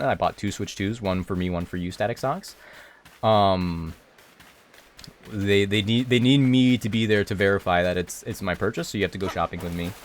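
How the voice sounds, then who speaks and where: Streaming a video game live, a man chats easily with viewers and yelps in a high, excited voice when the action picks up. There's a little hiss or hum in the recording.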